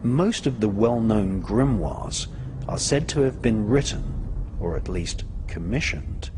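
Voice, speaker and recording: A man giving scripted documentary narration in a measured, deliberate way, his phrases falling at their ends. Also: fairly low pitch, expressive, background noise. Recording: voice-over with clear background music.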